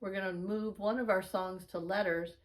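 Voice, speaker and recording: A woman's voice: medium pitch, steady tone, normal speed. A middle-aged woman teaching a beginner piano lesson, explaining patiently and chanting note counts in an encouraging way.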